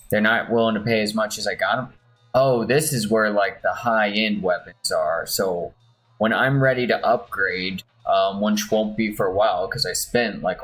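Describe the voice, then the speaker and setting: This streamer, a man with a lowish, slightly bright voice, plays a role-playing game and chats casually, reading game text aloud and teasing himself. The recording is rough, and faint game music plays in the background.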